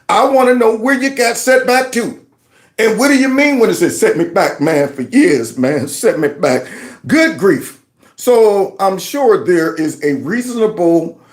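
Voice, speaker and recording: A man with a high, very lively voice mocks the news clips he reacts to, swinging his pitch all over as he jeers and talks back. His sarcastic commentary rings in a roomy, echoing space. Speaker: commentary channel host. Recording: roomy echo.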